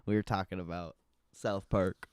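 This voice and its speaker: A man's voice: low voice, fairly even intonation, normal speed, darkish tone, clean tone, dry recording. A man hosting a casual livestream, joking loosely and laughing often, saying his voice feels off. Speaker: livestream host.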